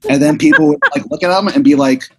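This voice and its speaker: A man's voice: a little high, fast talker, husky. A man hosting a comedy podcast, improvising a rambling story full of fillers and restarts. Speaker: podcast host.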